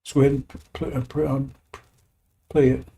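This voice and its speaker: A man's voice: mid-range voice, level tone, fairly quick, gravelly, warm tone. A man preaching informally, rambling and repetitive, using coarse language and laughing as he talks. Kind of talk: informal sermon.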